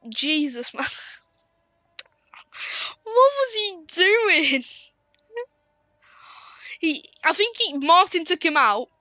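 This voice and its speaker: A woman giving casual, excitable live sim racing commentary, giggling and swearing as she banters. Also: extremely high pitch, very slow, long pauses, dry recording.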